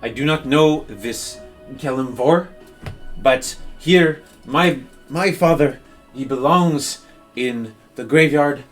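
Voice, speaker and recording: A man voicing a weary young nobleman who speaks formally in halting, pause-filled sentences. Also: mid-range voice, faint music behind, natural voice. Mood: grave.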